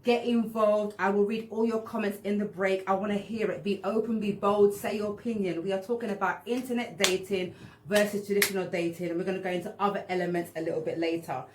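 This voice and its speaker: A woman's voice: mid-range voice, fast. A woman hosting a live stream, telling a dating story casually, laughing often and acting out what people said. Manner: animated, laughing often, acts out quoted dialogue. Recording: echoey room with faint noise.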